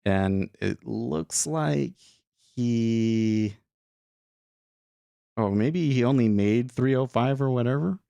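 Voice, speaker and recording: A man's voice: mid-range voice, slow pace, creaky, long pauses, dark tone, clear, resonant tone, dry recording. A young man casually talking through his trading day on a live stream, thinking aloud with frequent restarts and filler words.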